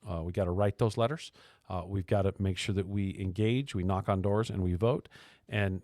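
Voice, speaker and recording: A man's voice: fairly low pitch, darkish tone, no echo, studio quality. A man hosting a casual labor radio show, talking loosely with lots of fillers, restarts and sarcastic asides. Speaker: talk show host.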